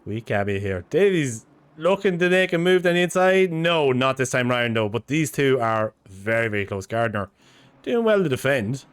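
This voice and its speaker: A man's voice: mid-range voice, big pitch swings, moderate pace, clear, resonant tone. A man co-commentating a sim race in a casual, bantering style, laughing easily.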